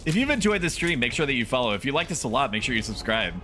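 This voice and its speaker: A young man livestreaming a video game as a VTuber, chatting with viewers and breaking into loud, animated outbursts at the game. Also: medium pitch, racing, faint music behind. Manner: animated, yells and laughs at the game. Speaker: VTuber streamer. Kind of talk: gaming livestream commentary.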